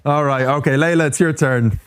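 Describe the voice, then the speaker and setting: A man's voice: on the high side, fairly even intonation, a bit bright, clean tone. An Irish man hosting a live music talk show, joking and teasing his co-host in casual banter. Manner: joking, teasing, quick to laugh.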